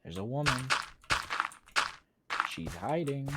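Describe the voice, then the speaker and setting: A man's voice: mid-range voice, expressive, slow, heavy background noise. A young man chatting casually on a gaming stream, rambling and joking as he talks back to his chat. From United States. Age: young adult. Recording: loud keyboard typing and mouse clicks.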